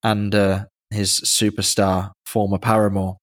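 Dry-humored English podcast host. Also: male voice, lowish voice, level tone, measured pace. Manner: dry, self-mocking humor. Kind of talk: casual podcast banter.

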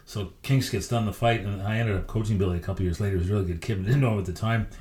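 A middle-aged man with a very low voice tells coaching stories at a brisk clip. He speaks as a guest in a podcast interview and is a lively, anecdotal storyteller. His voice carries a noticeable room echo.

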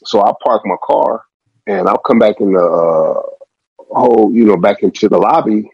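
Gravelly husky man. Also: on the low side, moderate pace, no echo. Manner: rambling, profane street storytelling. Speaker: guest. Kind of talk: storytelling interview. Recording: dull lo-fi sound.

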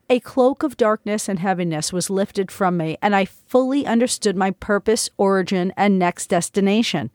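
A woman reads her memoir aloud in a slow, reflective, heartfelt way. Her voice sits at a middle pitch. The recording is dry and close, with no room sound. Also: lively intonation, a little mellow, no echo. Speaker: memoir narrator. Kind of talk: audiobook narration.

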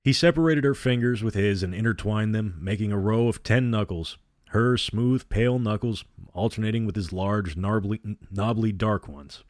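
Low-voiced man reading a story. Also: normal speed, a little mellow, no room sound, studio quality. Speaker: narrator.

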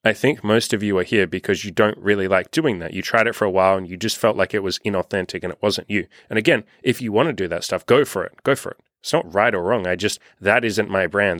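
A man's voice: sits low, fairly bright tone, no room sound, clean studio sound. A young man coaching on dating in a loose, unscripted monologue, cursing freely and acting out what people say. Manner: loose and unscripted, swears freely, acts out quoted voices. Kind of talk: casual podcast monologue.

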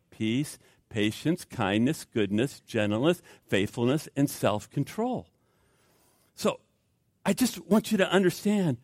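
A middle-aged man preaching with a lively, swooping delivery that climbs into sudden emphatic bursts. His voice sits a little high for a man. The sound is close and dry. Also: no room sound. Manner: emphatic, repetitive, with rising outbursts. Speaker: pastor. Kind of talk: sermon.

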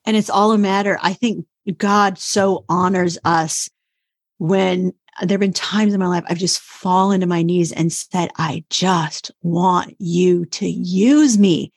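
A woman's voice: fairly low pitch, steady tone, slow, no echo, clean studio sound. A woman guest on a podcast, earnestly sharing a faith testimony with conviction. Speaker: guest, YouTuber. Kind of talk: faith-based testimony in interview.

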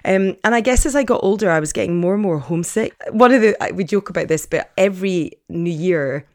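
A woman's voice: lowish voice, brisk, dry recording, clean studio sound. A woman in her late forties or fifties, a former TV presenter, chatting openly about her life with lots of fillers and restarts. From Scotland. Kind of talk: personal storytelling to camera.

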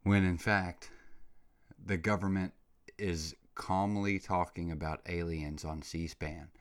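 A man hosting his own comedy podcast, rambling excitably and throwing in slang like "dude" and "bro" as he rants. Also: low voice, slow, clean tone. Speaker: podcast host. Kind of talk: comedic solo podcast rant.

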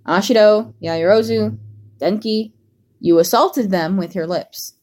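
A woman reading a story aloud, voicing a gruff, hot-tempered young man with a low, growling delivery. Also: unhurried, darkish tone, close to an everyday voice. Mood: exasperated.

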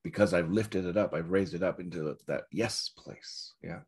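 A man giving a dharma talk as a Zen teacher, reflective and searching, with soft laughs. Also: low voice, normal speed, slightly rough.

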